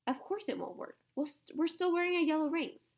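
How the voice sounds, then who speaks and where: A woman reading the part of a curious, eager English schoolboy in an audiobook, in a lively, excitable manner. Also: high-pitched, fairly quick, voice pushed up. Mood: explaining.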